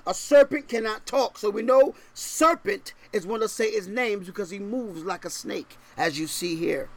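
A male pastor preaching a sermon, emphatic, swinging from loud stressed points to quiet asides and often checking in with rhetorical questions. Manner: shifts between raised, forceful stresses and low, quiet asides.

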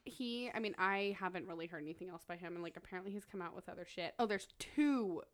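A woman's voice: lowish voice, quick pace, no room sound. A young woman chatting casually and telling a story with lots of acted-out quotes. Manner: animated storyteller, acts out quotes. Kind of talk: casual chat.

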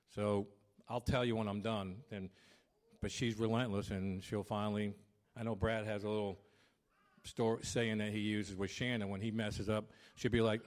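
Loud animated pastor, lowish voice. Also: male voice, normal speed. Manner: loud, animated storytelling, acts out arguments. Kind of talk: sermon.

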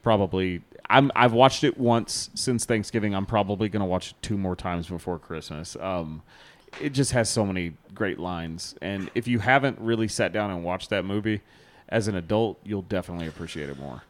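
A man co-hosting a casual podcast, his voice sitting low. He rambles through his points, stumbling over fillers and restarting sentences as he goes. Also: normal speed. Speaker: podcast co-host. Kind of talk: casual chat.

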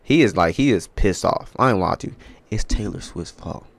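A man's voice: on the low side, lively intonation, fairly quick, dry recording. A young man hosting a sports podcast, ranting in a casual, profane, rambling way.

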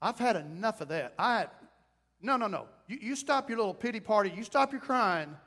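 A man voicing a blunt male army commander who scolds a grieving king, talking fast and emphatically. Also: extremely high pitch, lively intonation, big-room sound, voice pushed up. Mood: scolding.

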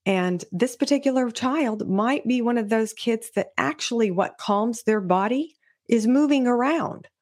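On her solo podcast, a middle-aged children's sensory specialist earnestly explains kids' behavior to parents, now and then voicing a parent or a child. Her voice runs on the high side with a darkish tone.

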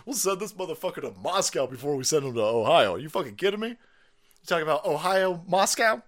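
A man's voice: a little high, big pitch swings, fast. A man ranting on his stream as a political commentator, foul-mouthed, sarcastic and mocking. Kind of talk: profane political rant on a stream.

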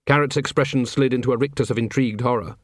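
A man narrating a comic novel in a wry, measured way. His voice sits at an ordinary pitch. The recording is close and dry. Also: fairly even intonation, dry recording. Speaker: audiobook narrator. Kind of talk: storytelling narration.

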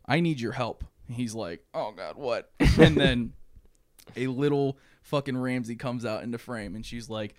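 A man's voice: medium pitch, normal speed, no echo, clean studio sound. A young man on a podcast, casually retelling a movie plot and acting out the characters' lines with plenty of swearing. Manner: animated storytelling, acting out characters' lines, frequent swearing and laughs. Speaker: podcast co-host.

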